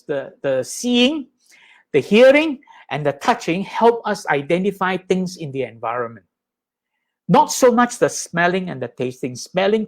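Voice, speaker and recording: A man teaching in a live Dhamma talk, conversational and animated, often checking in with his listeners. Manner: animated, acts out high and low sounds with his voice. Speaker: Buddhist teacher.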